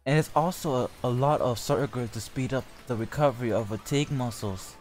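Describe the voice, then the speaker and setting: A man's voice: mid-range voice, fairly quick, music in the background. A man hosting a stream and bantering with friends, laughing often and tripping over his words. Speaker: streamer hosting a group reading. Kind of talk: casual group banter on a stream.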